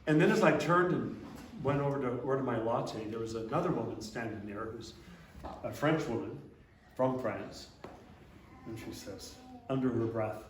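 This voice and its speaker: An older man, an abbot, telling a lively story to a congregation, now and then throwing in a big booming laugh. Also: normal speed. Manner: animated storyteller, booming put-on Santa laughs. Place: church hall. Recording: echoey hall, speaker far from mic, faint hiss.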